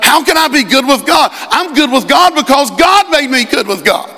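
Man, pastor preaching, lively and loud at times, bright tense voice, live church sound. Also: very high voice, normal speed, hardly any pauses. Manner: animated preaching, shouting at peaks, laughing. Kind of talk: sermon. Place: church sanctuary. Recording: live church recording with hall reverb.

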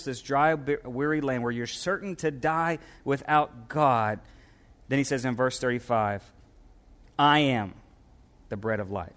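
Man, middle-aged pastor, lively sermon delivery, fairly high voice, drops low and quiet on scripture quotes. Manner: animated preaching, dropping low and soft for quoted words of Jesus.

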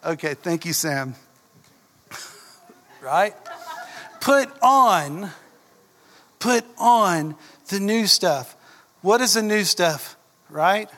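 High-voiced pastor with Southern drawl. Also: male voice, expressive, drawn-out words, long pauses, a bit bright, a little hiss or hum. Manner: earnest, often asks the congregation questions. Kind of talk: sermon. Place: church. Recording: echoey church hall.

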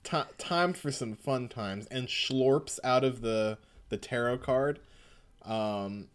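A man talking through comic panels in an easy, jokey way. His voice sits in a middle register, neither high nor low. He laughs often and slips into silly voices when he reads a line. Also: slow pace. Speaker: podcast co-host. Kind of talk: casual chat recapping a manga.

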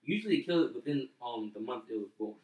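A man's voice: medium pitch, fast, distant mic. A man in a casual podcast chat, telling a story reluctantly and a little defensively. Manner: reluctant, flat, a bit defensive. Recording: echoey, away from the mic.

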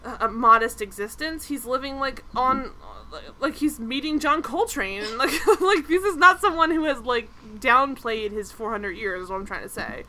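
A woman co-hosting a casual TV review podcast, chatty and animated, full of "like" fillers. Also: high-pitched, normal speed, slight background noise. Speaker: podcast co-host.

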